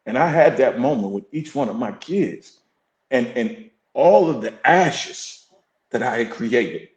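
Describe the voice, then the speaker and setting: A podcast guest who is a fire captain and coach speaks candidly and reflectively in a medium-pitched, darkish voice. He has an earnest, preacher-like emphasis, and the recording has a roomy echo.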